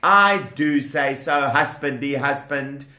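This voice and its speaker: A man doing a soft, soothing brave wife. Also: a little high, slow pace, exaggerated voice. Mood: reassuring. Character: gentle, brave young wife. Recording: echoey room.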